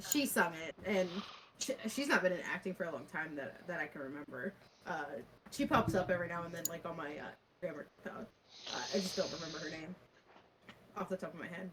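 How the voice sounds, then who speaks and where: A woman's voice: fairly low pitch, noisy background. A young woman co-hosting a casual podcast chat, laughing often as she talks. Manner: giggly, laughs often while talking. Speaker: podcast co-host.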